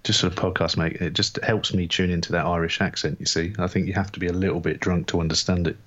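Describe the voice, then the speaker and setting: A man co-hosting a sports podcast in a dry, easygoing way, his voice a touch low. The sound is dull and lo-fi, with the top end missing. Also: level tone, fast, fairly bright tone. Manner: dry, laid-back banter. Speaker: podcast co-host. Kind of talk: casual chat.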